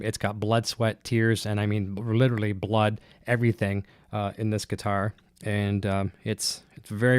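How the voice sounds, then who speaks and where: A man's voice: on the low side, clear, resonant tone, dry recording. A man with a cold, breathing heavily, hosting a guitar gear livestream from his home studio and chatting loosely with lots of fillers. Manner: rambling, many fillers and restarts. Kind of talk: casual live-stream chat, reading viewer comments. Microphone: dynamic broadcast mic close up.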